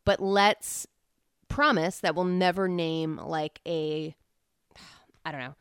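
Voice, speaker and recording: A woman's voice: deep voice, fairly even intonation, smooth, no room sound, studio quality. A young adult woman co-hosting a podcast, chatting and riffing playfully. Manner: playful, riffing, quick asides. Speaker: podcast co-host. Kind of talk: casual comedic chat.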